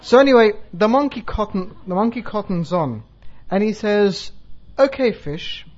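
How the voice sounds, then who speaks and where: Chatty self-deprecating bishop preaching. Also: male voice, high-pitched, moderate pace. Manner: chatty, self-deprecating, laughs at own joke. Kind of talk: sermon with a joke. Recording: dull lo-fi recording.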